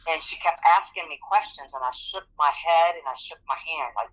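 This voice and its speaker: A woman's voice: low voice, moderate pace, few pauses, fairly bright tone. A woman recounts her own story as a guest in an interview. She speaks earnestly and brings the moments to life by acting out what people said. The recording is somewhat dull and lo-fi. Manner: earnest, vivid storytelling that acts out quoted speech. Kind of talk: personal testimony in an interview.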